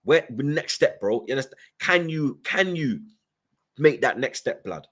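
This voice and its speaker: A man's voice: medium pitch, animated, a little slow, a bit bright. A young man hosts a fan channel, chatting casually and reading viewer comments, with constant slang and "you get me" tags. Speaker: football fan channel host.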